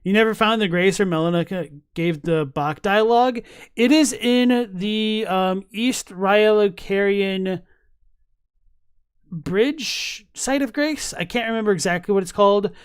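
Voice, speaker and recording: A man's voice: high-pitched, measured pace, clean tone, dry recording, clean studio sound. A man casually chatting on a live stream, thinking aloud with many fillers and restarts while reading chat messages. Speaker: streamer reacting to game lore.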